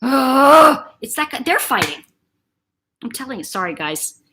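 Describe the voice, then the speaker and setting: A woman's voice: mid-range voice, sing-song, moderate pace, bright, forceful tone, slight background noise. A middle-aged woman hosting a casual live chat, talking in a rambling, chatty way to her viewers. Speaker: livestream host.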